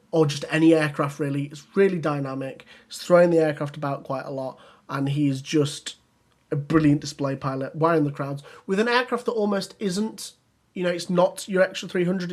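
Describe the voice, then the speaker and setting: Enthusiastic podcast co-host. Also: medium pitch. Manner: enthusiastic, many ums and restarts. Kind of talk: casual chat.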